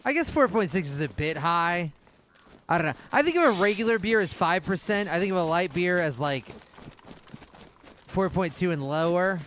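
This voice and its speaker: A man's voice: high voice, expressive, normal speed, fairly bright tone, a little hiss or hum. A man chatting casually and profanely while playing a game, with a loose, talkative manner. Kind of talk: casual chat while gaming.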